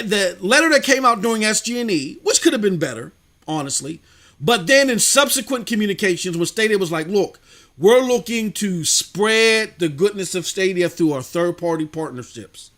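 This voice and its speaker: Male podcast co-host, high bright voice, emphatic casual delivery. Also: expressive, moderate pace. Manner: emphatic, talks to co-host by name. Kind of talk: casual livestream podcast talk.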